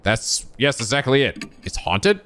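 A man voicing an enthusiastic young male security guard in a high, eager, fussy voice. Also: very animated, unhurried, a bit bright.

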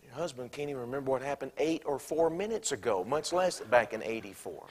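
Man, preacher, sermon, church, animated, acted-out quotes. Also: mid-range voice, fairly quick. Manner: animated, acts out quoted speech in bursts.

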